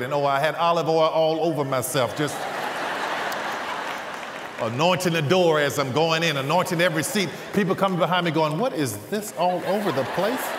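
A man delivers a sermon as a string of funny, animated personal stories, his voice sitting a little high for a man. The sound carries the long echo of a big hall with faint background ambience. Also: background noise. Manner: humorous, animated storyteller. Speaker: guest preacher. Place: large church hall stage.

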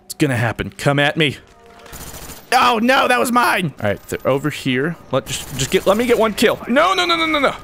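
Excitable young man narrating gameplay. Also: moderate pace, slight background noise. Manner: excitable, jumps to high yelps when the action spikes. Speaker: gaming YouTuber. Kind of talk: gameplay commentary.

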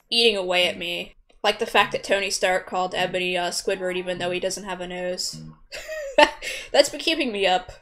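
A young woman rambling casually as she draws, swearing a lot, mocking herself and laughing often. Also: mid-range voice. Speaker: artist vlogger. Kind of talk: casual rambling commentary while drawing. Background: soft background music.

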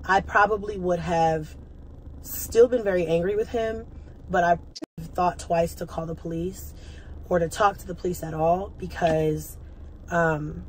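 A woman's voice: lowish voice, fairly even intonation, unhurried, slight background noise, rough recording. A young woman vlogger bluntly recounting a heated story to her viewers, cursing freely, rambling and restarting her sentences. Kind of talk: casual storytime vlog.

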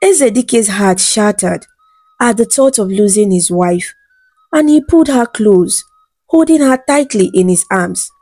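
A woman narrating a bedtime folktale in a smooth, even storytelling read. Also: mid-range voice, unhurried, no echo, faint music behind.

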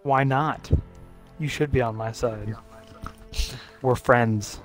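A young man trades jokes and insults with friends over a game. His voice sits in an ordinary middle pitch, and he swears freely and trash-talks. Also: takes it slowly, faint music behind. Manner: trash-talking, swearing, joking. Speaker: gaming friend. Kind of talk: casual gaming chat.

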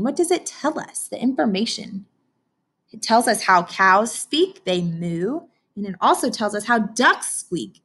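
A woman's voice: mid-range voice, a bit bright, husky. A woman teacher reading a picture book aloud to children, asking them questions and imitating animal sounds. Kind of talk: children's read-aloud lesson.

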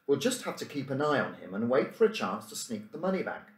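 A man reading aloud and voicing a quick-tempered schoolboy who talks in a blunt, growling way. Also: medium pitch, sing-song. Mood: scornful. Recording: roomy room echo.

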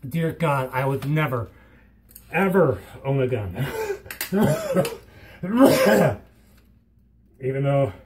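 A young man talking in a hyper, giddy vlog at home, rambling and bursting into loud silly exclamations. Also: mid-range voice, wildly swooping pitch, very slow, long pauses, very noisy. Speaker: vlogger.

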